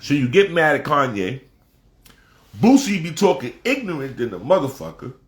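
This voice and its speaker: A man delivering a heated, profane casual rant, talking with emphasis and rising to shouts. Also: on the high side, big pitch swings, normal speed, reverberant. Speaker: commentator.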